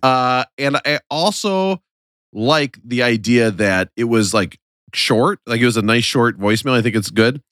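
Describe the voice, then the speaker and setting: A man's voice: mid-range voice, animated, unhurried, fairly bright tone, no room sound, studio quality. A man hosting a casual podcast, joking and rambling, laughing often as he talks. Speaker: podcast host.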